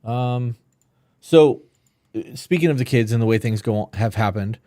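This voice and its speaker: Male co-host, mid-range voice, dry close sound, profane, blunt, animated. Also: medium pitch, measured pace, dry recording. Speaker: podcast co-host. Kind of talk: casual live-stream Q&A chat.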